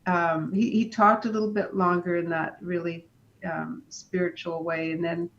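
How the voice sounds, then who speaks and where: A woman speaks slowly and reflectively as an interview guest, her voice touched with creak and gravel. The recording sounds dull and lo-fi, with a faint low rumble underneath. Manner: calm and unhurried, with frequent restarts. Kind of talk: reflective personal storytelling.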